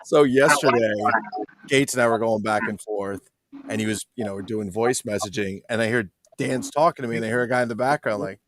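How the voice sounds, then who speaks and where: A man's voice: on the low side, brisk. A man hosting a casual live-stream chat, swearing freely and laughing a lot as he tells stories. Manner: laughs often, swears, animated storytelling.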